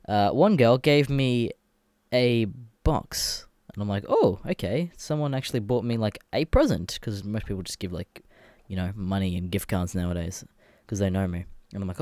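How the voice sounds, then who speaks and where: A man's voice: lowish voice, darkish tone, no echo, studio quality. A young Australian man hosting a podcast alone, chatting in a rambling, sweary way and laughing often. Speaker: podcast host. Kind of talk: casual solo chat.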